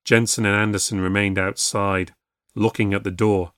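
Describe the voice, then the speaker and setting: A man narrating a ghost story in a measured storytelling way for a podcast. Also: lowish voice, flat delivery, fairly bright tone, no room sound, studio quality.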